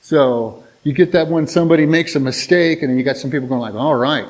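A man's voice: a little high, fairly quick, darkish tone, low-quality recording. Folksy rambling male preacher. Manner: folksy, rambling, many restarts and filler words; acts out quoted voices in storytelling. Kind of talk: casual conversational sermon.

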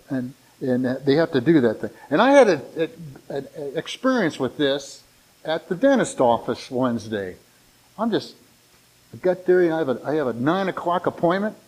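An older man preaching a sermon in a conversational way, retelling stories with lively restarts. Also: on the high side, slightly rough, rough recording.

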